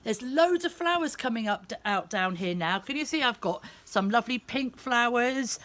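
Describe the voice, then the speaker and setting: A woman leading a lively outdoor nature lesson for young children in a small back garden, speaking straight to them in a sing-song way. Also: on the high side, moderate pace, few pauses. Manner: animated, sing-song, talks directly to kids.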